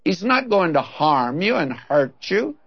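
A man's voice: high-pitched, sing-song, a little slow, slightly rough, muffled recording. A man teaching through a Bible passage in an earnest, conversational preaching manner, speaking straight to the listener.

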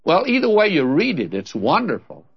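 A man's voice: sits high, wildly swooping pitch, moderate pace, breathy edge, dull audio. A man teaching through a Bible passage in an earnest, conversational preaching manner, speaking straight to the listener.

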